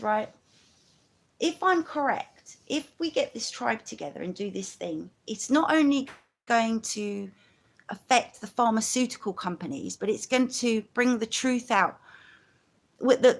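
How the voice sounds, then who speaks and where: A woman from London with a London accent, talking in a rambling, chatty way on a casual live stream, full of asides. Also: on the high side.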